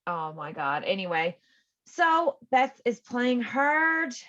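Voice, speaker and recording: A woman co-hosting a podcast, chatting casually and excitedly about a reality show, swearing freely and acting out what others said. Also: fairly high pitch, slow pace, dull audio. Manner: animated, swears freely, acts out quotes. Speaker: podcast co-host.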